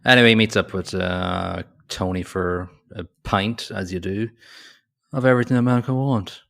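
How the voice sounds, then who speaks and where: A man with a very low voice, gravelly and full of fry. He recaps a film for a podcast in a casual, sarcastic way, mocking its lines as he goes. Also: moderate pace, a bit bright. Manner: sarcastic, recaps scenes with mock dialogue. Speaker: podcast co-host. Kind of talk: casual movie recap chat.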